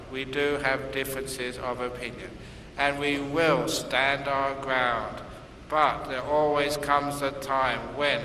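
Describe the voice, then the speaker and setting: A man's voice: medium pitch, pushed and bright, slight background noise. A man, a Buddhist monk, giving a dharma talk with humorous storytelling. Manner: humorous storytelling, laughing at his own jokes. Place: Singapore, large hall. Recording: echoey hall from far off, faint ambience.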